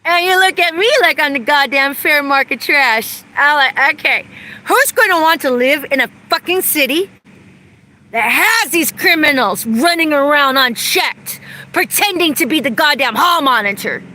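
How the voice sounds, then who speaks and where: A woman's voice: sits high, animated, normal speed, bright, forceful tone. A woman ranting angrily and profanely outdoors, delivering an accusatory vlog monologue. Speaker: vlogger.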